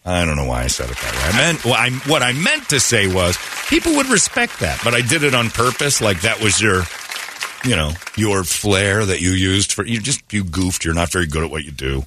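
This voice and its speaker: A man's voice: fairly low pitch, sing-song, moderate pace, noisy background. A man in his fifties hosting a talk show, joking loosely and laughing often as he banters. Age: 50s. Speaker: radio show host.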